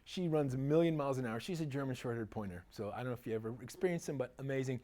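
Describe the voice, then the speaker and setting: Chatty man telling lively stories. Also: medium pitch, rapid-fire. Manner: animated, chatty storyteller who laughs often. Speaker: chiropractor giving a talk to an audience. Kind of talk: casual seminar talk with personal stories.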